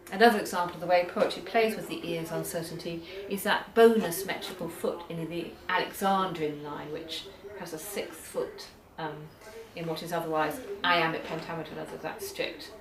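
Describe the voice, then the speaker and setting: Woman lecturer, measured academic delivery, lowish voice, distant mic in a roomy hall with audience. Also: steady tone, a crowd in the background. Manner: measured, reads poems aloud slowly.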